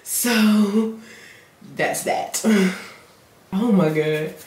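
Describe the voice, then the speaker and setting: A woman's voice: fairly low pitch, unhurried, pauses often, darkish tone, reverberant. A young woman, chatting casually and playfully in a self-filmed vlog, swearing freely. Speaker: vlogger.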